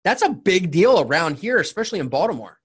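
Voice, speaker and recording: A man's voice: high-pitched, big pitch swings, fast, slightly rough. A man in his forties hosting a podcast interview, telling personal stories candidly with many restarts. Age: 40s. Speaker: podcast host. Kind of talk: casual interview chat.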